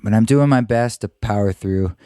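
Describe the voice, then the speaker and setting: A man hosting a podcast, hoarse and husky from a cold, chatting loosely and joking about himself. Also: lowish voice, moderate pace, dark tone, no room sound, clean studio sound. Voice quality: husky, croaky. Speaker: podcast host. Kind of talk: casual podcast intro.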